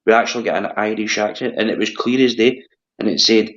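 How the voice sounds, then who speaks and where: A low-pitched Scottish man hosts a relaxed chat, stopping and restarting his words often. The recording sounds dull and lo-fi. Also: fast. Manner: hesitant, repeats words. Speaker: host. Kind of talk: casual chat.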